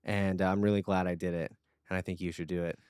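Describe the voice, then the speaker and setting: A man's voice: sits low, little pitch movement, fast talker, darkish tone, smooth, no room sound, studio quality. A man co-hosting a podcast, chatting casually and earnestly, rambling with lots of fillers. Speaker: podcast co-host. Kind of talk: casual chat.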